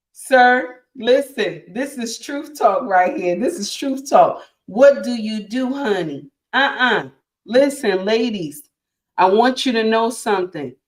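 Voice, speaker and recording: A woman's voice: fairly high pitch, reverberant. A woman hosting a casual relationship talk to her live chat, emphatic and repetitive, calling listeners honey and my dear. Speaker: livestream host.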